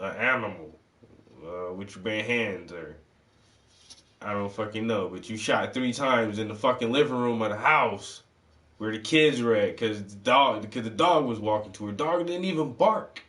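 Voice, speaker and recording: A man's voice: on the low side, fairly bright tone. A man hosting his channel, telling a story as a loose, profane rant full of "like". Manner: profane, rambling, heavy use of "like". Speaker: channel host. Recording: roomy, distant from the mic.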